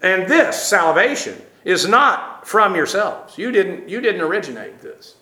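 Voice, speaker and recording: A man's voice: sits high, big pitch swings, unhurried, sharp tone, roomy sound, rough recording. A man preaching an expository sermon, teacherly and emphatic, with frequent filler sounds. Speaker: pastor.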